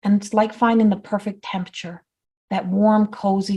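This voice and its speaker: A woman spiritual teacher giving a flowing talk before a guided meditation, repeating and rephrasing, often dropping to a soft hush. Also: mid-range voice, level tone, a little fast. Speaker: spiritual teacher and oracle card reader.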